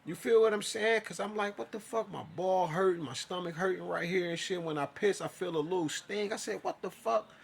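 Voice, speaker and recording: A man's voice: high voice, brisk, creaky, hardly any pauses, husky. A man telling his own story in a casual, profane monologue, acting out his side of conversations.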